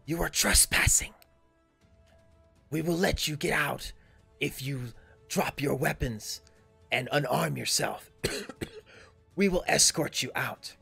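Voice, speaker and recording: A man's voice: a little high, slow pace, gravelly, pauses often, sharp tone, husky, soft background music, full character voice. A man voicing a hostile male kobold guard who speaks in a whispery, snake-like hiss. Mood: threatening. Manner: curt and threatening.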